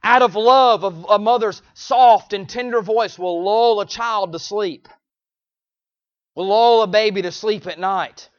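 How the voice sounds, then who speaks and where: A man preaching a sermon, repeating phrases and swinging between loud pleading cries and low, quiet lines. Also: unhurried, no echo, dull audio.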